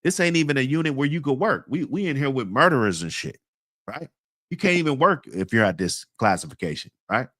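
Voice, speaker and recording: A man spins a loose, rambling story in thick street slang, circling back with fillers and breaking into laughter along the way. His voice sits at an ordinary middle pitch. It is recorded dry, with no room sound around it. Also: expressive, a little fast, fairly bright tone, dry recording. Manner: slangy, rambling, laughs often while telling. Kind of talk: casual storytelling.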